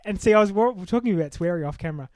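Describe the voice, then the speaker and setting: A man with a notably high voice, chatting casually as a podcast co-host reviewing a film. He is blunt and sarcastic and swears freely. The sound is close and dry. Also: expressive, rapid-fire, darkish tone, no echo. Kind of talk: casual movie-review chat.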